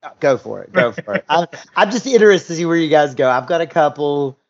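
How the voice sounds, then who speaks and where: A man's voice: on the high side, lively intonation, fast, dull audio. A man co-hosting a casual podcast chat, chatty and self-deprecating, often tripping over his words. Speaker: podcast co-host.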